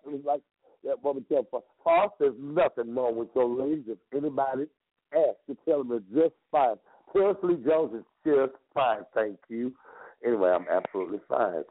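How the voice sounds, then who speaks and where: A man's slightly rough voice, without echo, comes through a phone line as he appears on a radio show as a guest vocal coach. Telling a long tale, he hammers his points, says things over again and leaps from one pitch level to another.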